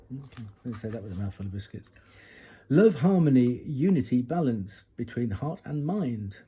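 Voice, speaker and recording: A man's voice: mid-range voice, warm tone, slightly rough. A man doing a casual tarot reading, reading passages aloud from a guidebook and breaking off for chatty asides and retakes. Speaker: tarot reader.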